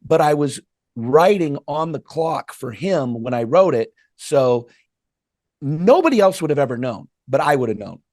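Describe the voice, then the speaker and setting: A middle-aged man telling stories as a guest author in a podcast interview, lively and acting out the voices of people he quotes. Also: fairly high pitch, unhurried, dry recording, clean studio sound. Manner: animated, acts out quoted voices.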